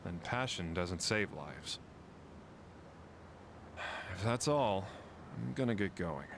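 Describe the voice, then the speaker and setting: A man's voice: low-pitched, animated, slow pace, creaky, background noise, heavily acted. An actor playing a blunt, jaded male surgeon who speaks in a curt, cold, matter-of-fact way. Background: game music.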